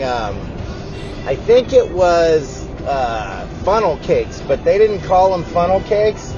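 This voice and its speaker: Male caller in a car, slow relaxed storyteller, pitched slightly high, dull lo-fi message with music behind. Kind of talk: recorded call-in message, storytelling. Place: in a car on the road.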